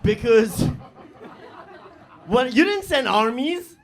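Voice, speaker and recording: A man performing a stand-up comedy set on stage, animated, with loud bursts and mocking voices. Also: extremely high pitch, slow, a faint crowd. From Pakistan. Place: live comedy venue with audience.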